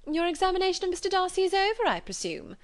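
A woman's voice: extremely high pitch, sing-song, fast talker, dry recording, pitched above the performer's own voice, full character voice. A woman voicing a haughty, scheming young society lady with an arch, insistent manner. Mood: mocking.

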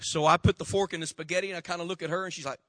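Preacher guy, high voice, real bright and sharp, folksy storytelling sermon. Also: steady tone, rapid-fire, no room sound. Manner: folksy, storytelling preacher calling for congregation response. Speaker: pastor.

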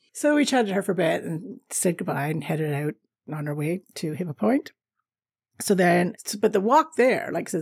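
A middle-aged woman from North America spins a loose, chatty travel tale, laughing as she goes. Her voice sits a little low, with a dark, gravelly, husky grain. The recording is dry and close, with no room sound. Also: no room sound. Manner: rambling and chatty, laughs often, many fillers. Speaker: travel storyteller. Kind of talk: casual travel storytelling.

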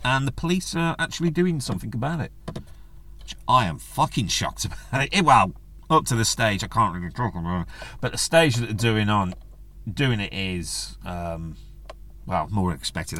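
A man hosting his own solo podcast launches into a casual rant, blunt, crude and joking, with plenty of swearing. His voice is on the low side and fairly bright, at a moderate pace, with slight background noise.

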